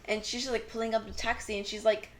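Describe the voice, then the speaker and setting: Speaking fast in a fairly high voice, this young podcast co-host recaps a TV episode conversationally, over slight background noise. She performs the characters' quotes with lots of energy and drops "like" constantly.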